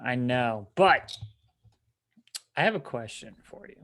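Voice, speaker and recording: Podcast host, male, slow unhurried pace, lively pitch, laughs a lot. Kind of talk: casual interview.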